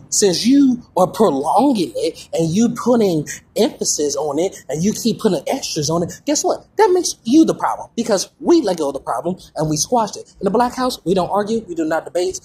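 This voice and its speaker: A woman's voice: medium pitch, a little mellow, a little hiss or hum. A woman doing an improvised comedy rant as a head of state, indignant and lecturing, rambling with many stammered restarts.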